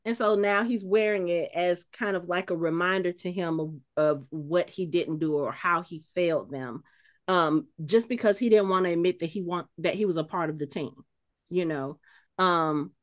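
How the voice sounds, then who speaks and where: Rambling woman podcast host. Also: lowish voice. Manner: thinks aloud, with many filler words and restarts. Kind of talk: casual chat.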